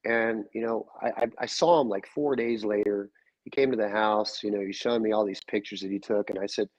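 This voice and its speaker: Man, husky, casual storyteller, dry close sound. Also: lowish voice, fairly quick, dry recording, highs cut off. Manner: animated storyteller, acts out quoted dialogue. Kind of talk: casual chat. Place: call-in or remote line.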